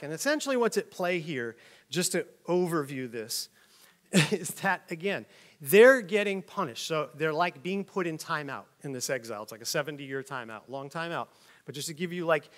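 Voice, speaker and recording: A fairly high-voiced, middle-aged man leads a Bible lesson. He reads scripture aloud, then breaks into relaxed, chatty explanation with sudden loud emphatic jumps. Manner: conversational, animated, loud emphatic peaks. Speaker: Bible teacher. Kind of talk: casual Bible teaching, reading scripture aloud.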